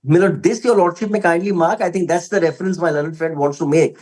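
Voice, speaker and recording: Speaking in a husky, darkish voice pitched fairly high, this man argues for a respondent in court with an Indian English accent. His tone stays steady as he talks quickly, emphatic but deferential, repeatedly turning to the bench with "my lord." The recording is rough.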